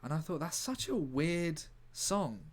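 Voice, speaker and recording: A man streaming live in a rambling, deadpan way, breaking off to answer his chat. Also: fairly high pitch, unhurried. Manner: rambling, deadpan, self-interrupting. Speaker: livestreamer reading chat. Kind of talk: casual livestream chat.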